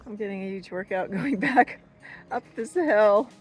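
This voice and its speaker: A woman's voice: mid-range voice, unhurried, over loud music. Earnest, laughing woman in her sixties. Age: 60s. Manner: earnest and encouraging, laughs often. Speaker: vlogger. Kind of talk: reflective outdoor vlog talk. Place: outdoors on a forest hiking trail. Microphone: handheld camera.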